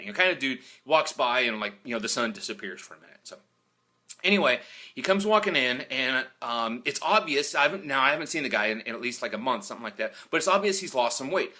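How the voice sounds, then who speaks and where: Bright-voiced man telling a fitness story. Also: medium pitch. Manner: rambling, lots of fillers. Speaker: fitness coach. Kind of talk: casual storytelling vlog.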